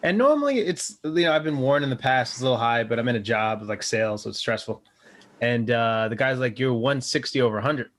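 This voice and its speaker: A man's voice: medium pitch, expressive, fairly quick. Wry man telling a personal story. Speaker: guest, sales worker. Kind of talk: casual chat.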